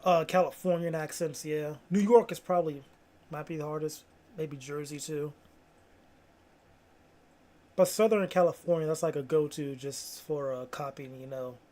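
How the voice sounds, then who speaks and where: Man, casual host, rambling, lots of fillers, somewhat high pitch. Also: steady tone, normal speed, pauses often, mellow. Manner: rambling, self-amused, full of "like".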